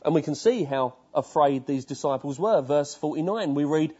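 A man's voice: on the high side, expressive, normal speed, few pauses, mellow, breathy edge, highs cut off. A man preaching a sermon, telling stories vividly and putting questions straight to his listeners.

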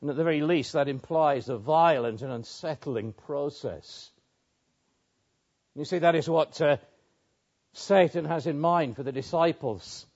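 A man preaching a measured expository sermon, with pauses and small restarts. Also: a little high, darkish tone. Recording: muffled lo-fi sermon recording.

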